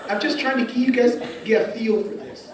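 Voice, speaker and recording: High-voiced pastor preaching in an echoey hall. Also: male voice, fairly quick, a little hiss or hum. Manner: repeats words and stammers, asks okay often; lively storytelling with acted-out scenes. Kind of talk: sermon. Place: church hall. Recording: echoey hall from far off with faint ambience.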